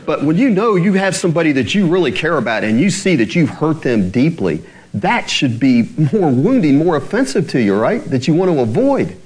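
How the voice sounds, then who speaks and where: A man's voice: a little high, very animated, fairly quick, darkish tone, slightly rough, poor audio. A male pastor delivering a conversational sermon, often checking in with his listeners through rhetorical questions.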